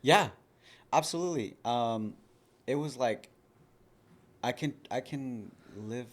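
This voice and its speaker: A man's voice: medium pitch, expressive, slow pace. A man in his thirties, a podcast guest telling his own story frankly in a casual, conversational way. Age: 30s. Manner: frank, conversational, lots of "like" fillers. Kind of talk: candid personal storytelling.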